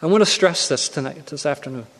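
A man preaching in an earnest way, pressing his point by repeating key phrases. His voice sits fairly high for a man. The sound rings with the long reverb of a church hall. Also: fast talker. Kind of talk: sermon.

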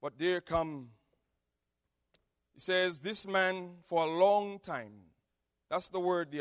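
A man preaching an evangelistic sermon with a Nevisian Caribbean accent, swinging between hushed tones and shouting. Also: sits high, takes it slowly, pauses often. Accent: Nevisian Caribbean English. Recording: long reverb of a large hall.

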